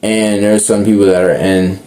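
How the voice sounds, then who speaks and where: Earnest young man, low mellow voice. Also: flat delivery, moderate pace, a little hiss or hum. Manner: rambling, earnest, self-correcting. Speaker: speaker sharing reflections. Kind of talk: casual unscripted monologue.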